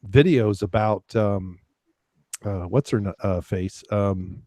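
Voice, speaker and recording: A man's voice: fairly low pitch, slow, dark tone, no room sound. A man talking casually as a podcast host, drifting through thoughts with frequent ums and self-corrections. The sound is dry and close, with no room around it. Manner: rambling, many fillers and restarts, laughs often. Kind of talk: casual chat.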